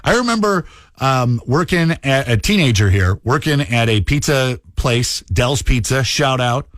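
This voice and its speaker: Chatty Minnesotan radio host, animated. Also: male voice, mid-range voice, unhurried, no echo, clean studio sound. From Minnesota, USA. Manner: chatty, animated, self-mocking. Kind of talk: casual radio talk.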